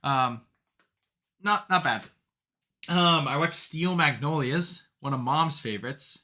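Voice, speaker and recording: A young man co-hosting a podcast, chatting casually and telling stories with lots of "like" and "um", animated as he gets into them. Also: fairly high pitch, slow pace, long pauses. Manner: rambling, filler-heavy, animated storytelling. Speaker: podcast co-host. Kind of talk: casual chat.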